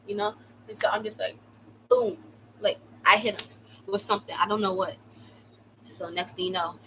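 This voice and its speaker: A young woman vlogger from the United States, bright-voiced, tells a casual storytime in loose, slangy language, often bursting into loud, high exclamations. Her voice carries a faint noise.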